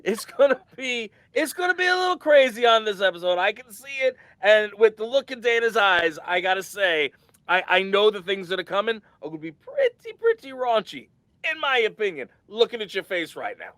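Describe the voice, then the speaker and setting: A man co-hosting a podcast in casual chat, excitable and hyped, swearing freely. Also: high-pitched, a little fast, no echo. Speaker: podcast co-host.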